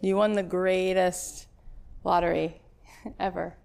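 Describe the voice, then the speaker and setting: A woman in her thirties, a podcast host giving a chatty motivational talk, telling stories with lively acted-out quotes. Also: lowish voice, slow pace, creaky, clean tone. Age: 30s.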